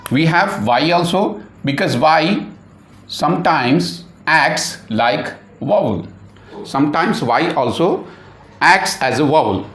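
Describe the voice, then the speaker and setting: A man teaching a lesson, repeating points and spelling words out letter by letter. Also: on the high side. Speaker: English teacher. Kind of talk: classroom lesson at a board. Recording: echoey room.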